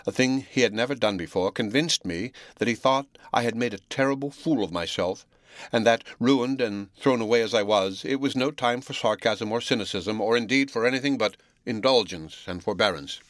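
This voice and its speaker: Scripted audiobook narration comes from a man with a mid-range voice, delivered evenly and at a measured pace. Sound is clean and dry, as from a studio.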